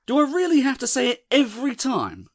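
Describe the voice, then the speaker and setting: Fed-up young man, grumbling master of a demon, very lively swings in pitch, dry close sound, voiced by a woman narrator. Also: a little fast, no echo, full character voice. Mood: exasperated. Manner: exasperated, grumbling.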